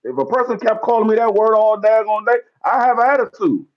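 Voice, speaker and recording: A man co-hosting a casual podcast, his voice sitting a little higher than average. He gives blunt, matter-of-fact opinions without softening them. The recording sounds slightly dull and lo-fi. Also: lively intonation, brisk. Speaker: podcast co-host.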